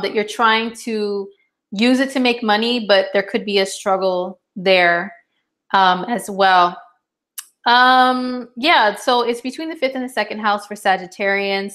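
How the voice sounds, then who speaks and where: A woman astrologer in her thirties giving a casual horoscope chat, chatty and animated, acting out little dialogues and laughing often. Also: mid-range voice.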